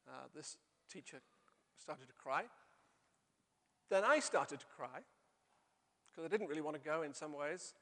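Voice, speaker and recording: A middle-aged male pastor preaching a sermon, telling stories and slowing down to stress key phrases. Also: on the high side, animated, a bit bright. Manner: storytelling with slow emphatic pauses. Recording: long hall reverb.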